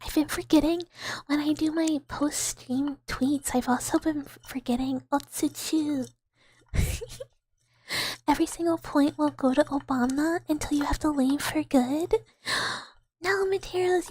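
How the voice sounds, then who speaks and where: A woman hosting a live ASMR stream, chatting playfully with viewers, giggling often and drifting between soft talk and whispers into a close microphone. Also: high-pitched, measured pace.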